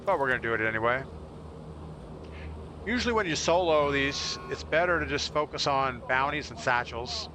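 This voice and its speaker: A man's voice: medium pitch, lively intonation, moderate pace, noisy background. A man chatting casually with his viewers while he plays and comments on a live game stream. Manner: chatty, talks straight to viewers between plays.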